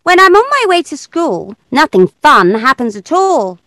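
Woman doing a cheeky high-voiced young girl. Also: big pitch swings, unhurried, dry recording, exaggerated voice. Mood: sing-song. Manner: bright, sing-song and playful. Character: cheeky young girl who teases machines. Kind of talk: children's audio story acting.

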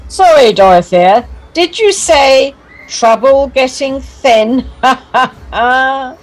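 An actor voicing a male talking big wheel in a children's audio story, slow and drawn-out, fond of puns and teasing. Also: high voice, very animated, faint music behind, full character voice. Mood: giggling. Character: talking big wheel, male, bored then giggly trickster.

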